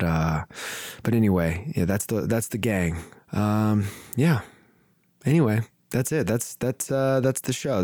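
A man's voice: lowish voice, a little mellow, dry recording, clean studio sound. A man hosting a podcast, wrapping up in a loose, rambling, casual way. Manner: rambling, loose, many fillers and restarts. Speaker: podcast host. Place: studio.

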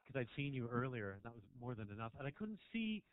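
A man's voice: mid-range voice, very animated, fast talker, narrow, tinny audio, a little hiss or hum. A man doing a stand-up set in a small club, rambling provocatively and teasing the audience. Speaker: stand-up comedian. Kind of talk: stand-up set, crowd work. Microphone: handheld stage mic.

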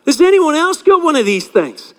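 A man's voice: extremely high pitch, sing-song, normal speed, fairly bright tone, big-room sound. A male pastor preaching a chatty sermon, often asking the congregation questions.

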